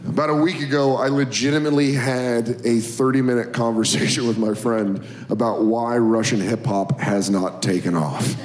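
Self-mocking stand-up comedian in an echoey club. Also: male voice, medium pitch, moderate pace, few pauses, slight background noise. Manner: self-deprecating, deadpan punchlines. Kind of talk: stand-up routine. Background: audience laughter.

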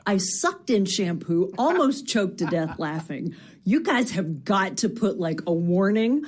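A woman caller leaving a bubbly, animated voicemail. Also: medium pitch, unhurried, breathy edge. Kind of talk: voicemail message.

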